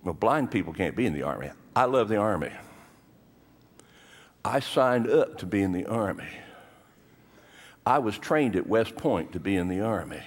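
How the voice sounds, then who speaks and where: Older pastor preaching in a reverberant hall. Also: male voice, lowish voice, very animated, normal speed, long pauses. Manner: dramatic storytelling, swinging between hushed and raised. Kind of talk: sermon.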